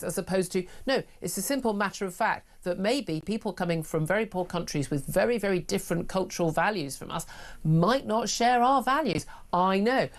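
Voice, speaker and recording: A woman hosting a talk radio show, arguing forcefully and indignantly and mocking opposing views. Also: mid-range voice, normal speed. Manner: forceful, indignant, mocking voices of others in anecdotes. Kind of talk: opinionated talk radio debate.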